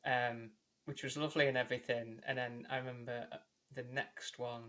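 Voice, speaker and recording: A British man hosts a casual interview, his pitch sitting in an ordinary middle register. He asks questions in a relaxed, halting way, often restarting his sentences. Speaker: podcast host.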